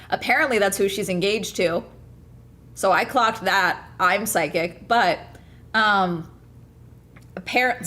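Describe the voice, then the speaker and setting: A woman's voice: mid-range voice, a bit bright, a little hiss or hum. A woman streamer chatting casually to her viewers, ranting hard and swearing a lot. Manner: ranting, profane, fired up. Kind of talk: casual livestream chat.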